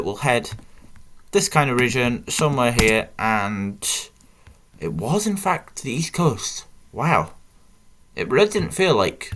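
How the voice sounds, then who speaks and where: Chatty British man with a lively voice. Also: mid-range voice, slight background noise. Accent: British English. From Britain. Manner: chatty, rambling, self-mocking, jokey asides. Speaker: gaming channel host. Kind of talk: casual gameplay commentary.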